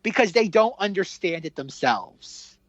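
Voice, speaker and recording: Animated podcast co-host with a dull mic. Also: male voice, high voice, measured pace, no echo. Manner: animated, jokey, acts out his reactions. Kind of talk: casual chat.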